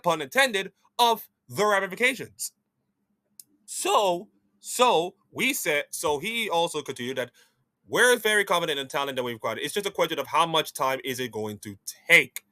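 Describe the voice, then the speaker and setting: A man hosting an esports news show, giving opinionated commentary in a rambling, animated way with frequent restarts. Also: fairly high pitch, moderate pace, no echo.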